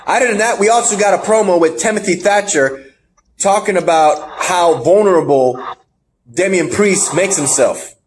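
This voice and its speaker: A man's voice: high voice, moderate pace, slight background noise. A man hosting a casual wrestling review podcast, laughing often and acting out what people said. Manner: animated, laughs often, acts out quotes. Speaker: podcast host.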